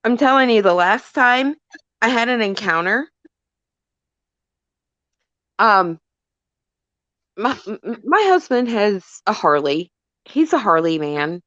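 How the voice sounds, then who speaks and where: A middle-aged woman hosting a casual chat, telling a story in an animated, emphatic way. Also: mid-range voice, takes it slowly, pauses often, no room sound. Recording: dull lo-fi dry audio.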